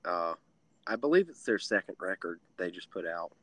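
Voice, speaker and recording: A man in his forties in casual chat, teasing dryly and halting with fillers. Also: deep voice, very animated, fairly bright tone, no echo. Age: 40s.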